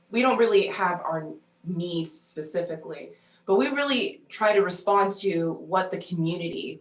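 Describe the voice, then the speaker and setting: Woman military musician on a panel call, kinda low voice, calm and steady, roomy echo. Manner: measured and fluent, with occasional ums. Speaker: military band musician and outreach representative. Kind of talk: online panel discussion.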